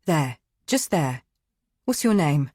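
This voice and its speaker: A blunt young man with a foul mouth, as a woman narrator acts him out. His voice sits low and close in a dry audiobook read. He swears freely and pushes hard. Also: big pitch swings, slow pace, breathy edge, no room sound, exaggerated voice. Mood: coaxing, calmer. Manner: shouting, sweary, then coaxing. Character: angry young male neighbour, blunt and swearing.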